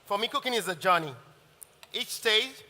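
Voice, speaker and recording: Brief: man, middle-aged chef, high bright voice, chatty demo patter, echoey hall. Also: lively intonation, normal speed. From Nigeria. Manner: chatty, laughing, restarts sentences. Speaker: chef giving a cooking demonstration. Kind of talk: live cooking masterclass. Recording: reverberant event hall.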